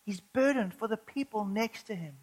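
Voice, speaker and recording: A woman preaching a sermon, earnest, building to urgent emphasis and slowing down when reading scripture. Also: medium pitch, lively intonation, darkish tone, rough recording.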